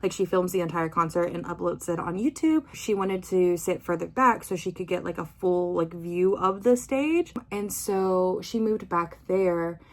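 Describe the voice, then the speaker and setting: A woman's voice: fairly low pitch, normal speed, few pauses. Chatty young woman vlogger. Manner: chatty, rambling, many "like" fillers. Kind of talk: casual chat.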